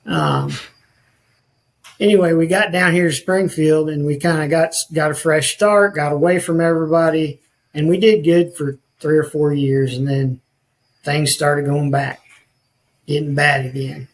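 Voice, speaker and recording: A man's voice: on the high side, lively intonation, a little slow, poor audio. A man, a podcast guest telling his life story in an earnest, rambling way with many restarts. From rural northwest Missouri.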